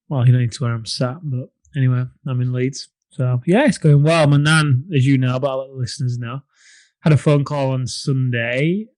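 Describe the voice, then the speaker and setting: A man's voice: mid-range voice, darkish tone, no echo. A man co-hosting a podcast, chatty and telling stories with a laugh. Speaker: podcast co-host. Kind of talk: casual podcast chat.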